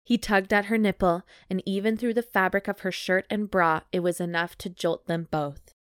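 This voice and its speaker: A woman's voice: mid-range voice, fairly even intonation, moderate pace, smooth, no echo, studio quality. A woman co-hosting a comedy podcast, reading steamy romance prose aloud between jokes with her co-host. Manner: reads steamy prose aloud with playful commentary. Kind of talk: casual chat and mock-dramatic reading.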